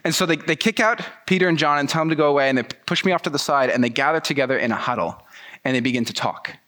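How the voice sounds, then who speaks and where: A man telling a sermon story in the first person, animated and using casual slang. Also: on the high side, quick pace. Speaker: pastor.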